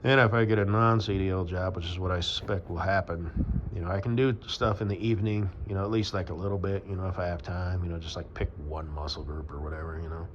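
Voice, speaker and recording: A man's voice: low-pitched, fairly even intonation, fast talker, few pauses, a little hiss or hum. Rambling, crude American man. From United States. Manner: rambling, crude, full of fillers. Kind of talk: rambling monologue to camera. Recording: dull lo-fi sound with faint background ambience.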